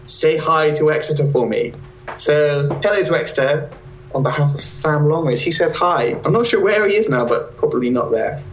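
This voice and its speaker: A man's voice: fairly high pitch, moderate pace. A man co-hosting a casual radio chat, explaining things at length and reading out listener messages. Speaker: co-host. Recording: roomy echo.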